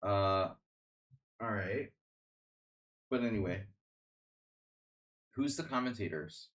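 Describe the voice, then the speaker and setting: Rambling sardonic man, lowish voice. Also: slow pace, a bit bright. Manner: rambling, sardonic, many restarts and fillers. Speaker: chess streamer. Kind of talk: casual live-stream chat.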